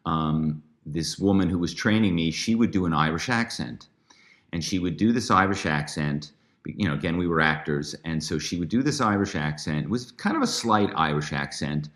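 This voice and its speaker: Middle-aged male guest, deep voice, rambling chatty delivery. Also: normal speed, a bit bright. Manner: chatty, many fillers and restarts. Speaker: guest, author and former corporate spy. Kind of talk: storytelling interview.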